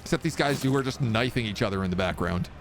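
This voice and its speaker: A man's voice: medium pitch, animated, fast, slight background noise. A man streaming a video game, giving casual, jokey commentary with playful asides.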